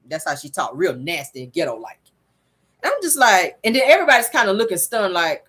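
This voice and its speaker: Sassy female host, gossipy recap delivery, very lively pitch. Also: fairly quick, slightly rough. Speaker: reality show reviewer. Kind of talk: casual recap commentary.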